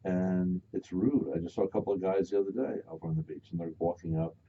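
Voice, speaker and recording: A man hosting a live radio talk show, telling stories in a casual, animated way and acting out the voices of the people in them. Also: low-pitched, fast talker, a little hiss or hum. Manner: animated storyteller, acts out loud voices. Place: radio studio. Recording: dull lo-fi radio broadcast.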